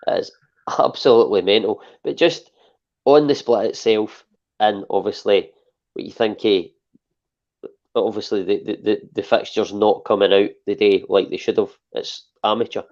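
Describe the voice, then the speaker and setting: Low-voiced Scottish podcast host. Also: male voice, darkish tone. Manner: chatty, with lots of fillers like "obviously". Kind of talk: casual football podcast chat. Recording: dull lo-fi podcast audio.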